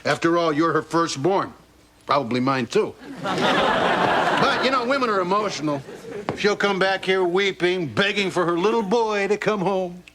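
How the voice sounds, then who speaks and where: A man's voice: high-pitched, unhurried, over a noisy crowd, very noisy. A middle-aged man playing a crude, cynical sitcom father who makes wisecracks. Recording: sitcom audio over a loud laugh track. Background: studio audience laughter.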